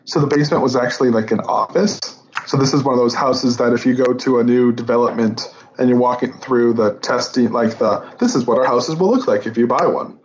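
A man's voice: mid-range voice, fairly quick. Man co-hosting a podcast, meandering chat, lo-fi muffled sound, faint hiss. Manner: chatty, meandering storyteller. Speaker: podcast co-host. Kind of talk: casual chat. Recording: dull lo-fi line with faint hiss.

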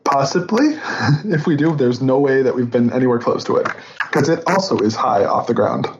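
A man's voice: medium pitch, lively intonation, moderate pace. Male co-host, chatty and meandering; dull lo-fi line with light background hiss. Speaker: podcast co-host. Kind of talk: casual chat.

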